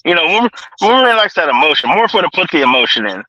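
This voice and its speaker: A man in a casual chat with friends, lively and laughing as he acts out what others said. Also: fairly high pitch, quick pace, dry recording, dull audio. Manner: lively, laughing, acting out quotes.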